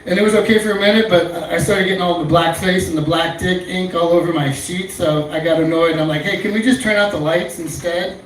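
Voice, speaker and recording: Fairly high-voiced male comic, crude and rambling, heard from far off in a very echoey club room. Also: fairly even intonation, a little fast, hardly any pauses. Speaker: stand-up comic. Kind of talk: stand-up comedy set. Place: small comedy club stage. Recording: echoey room, far-off mic, faint noise.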